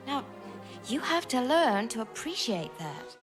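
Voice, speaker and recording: A woman voicing a stern, lecturing mother in an animated film, with a put-on American accent and a scolding manner. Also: fairly high pitch, unhurried, faint music behind.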